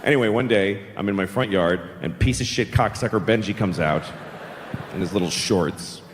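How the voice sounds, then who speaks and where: A man's voice: lowish voice, normal speed, slight background noise. Profane man in his forties doing stand-up. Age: 40s. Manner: profane, deadpan storytelling. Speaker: stand-up comedian. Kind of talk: stand-up storytelling. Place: live stage with an audience. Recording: live hall recording with long reverb.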